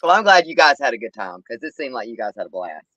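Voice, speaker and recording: A co-host chats over a remote call in a relaxed, unhurried way. The voice moves up and down with some life. It sounds dull and lo-fi but dry. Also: mid-range voice, dry recording. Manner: laid-back, drawn-out storytelling. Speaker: podcast co-host. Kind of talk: casual chat.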